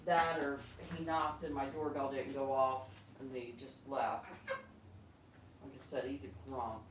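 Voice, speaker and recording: A woman's voice: little pitch movement, slow. A woman hosting a casual livestream with her pet birds at home. She chats with viewers by name. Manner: chatty, answers viewers by name; coos at her birds in a high coaxing voice. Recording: echoey room, far from mic, noisy.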